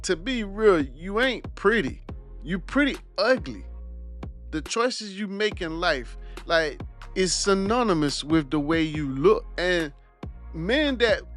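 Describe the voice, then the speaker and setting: A man's voice: high-pitched, fairly bright tone. A young man hosting a reaction video, giving blunt, preachy and mocking commentary.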